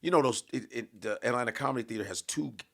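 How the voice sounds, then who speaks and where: A man's voice: medium pitch, fast talker, fairly bright tone. A man, a comedian guest on a podcast, telling a story in casual chat, swearing freely and acting out what other people said.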